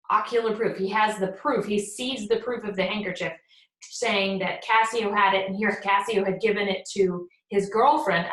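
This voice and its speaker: A woman's voice: mid-range voice, gravelly, fairly bright tone. A woman teacher giving a conversational lecture, retelling a play and reading its lines plainly between explanations. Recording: echoey room.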